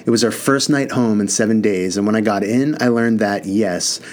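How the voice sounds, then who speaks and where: A man's voice: lowish voice, moderate pace, a little mellow. A man reading a first-person novel aloud in an earnest, casual voice with mild swearing. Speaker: audiobook narrator.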